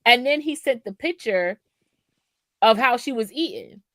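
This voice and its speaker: A woman co-hosting a podcast, telling a story in casual chat, animated and profane, laughing often. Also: on the high side, measured pace, no echo, studio quality. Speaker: podcast co-host.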